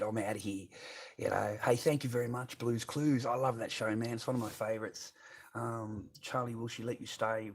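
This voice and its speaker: Husky Australian man rambling on stream. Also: fairly low pitch. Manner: rambling, swearing, reading chat aloud. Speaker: live streamer. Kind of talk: casual live stream chat.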